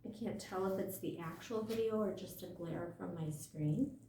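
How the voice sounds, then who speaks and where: An older woman reading a picture book aloud in a gentle, unhurried way, recorded in a roomy space from a distance. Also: on the low side. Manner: gentle, unhurried, apologetic asides. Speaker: storyteller. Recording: roomy, distant mic, faint noise.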